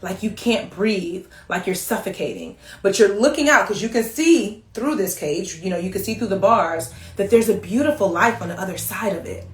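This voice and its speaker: A woman at a medium pitch gives a motivational talk on a live stream. She speaks emphatically and turns straight to her viewers. The room has a roomy echo around her voice. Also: normal speed, hardly any pauses. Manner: animated, emphatic, addresses viewers directly. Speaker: life coach hosting a weekly live stream.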